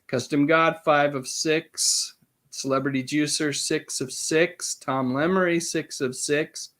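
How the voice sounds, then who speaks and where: A man hosting a live-stream trivia quiz, chatty and reading out the answer choices slowly. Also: on the high side, steady tone, a bit bright. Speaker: host.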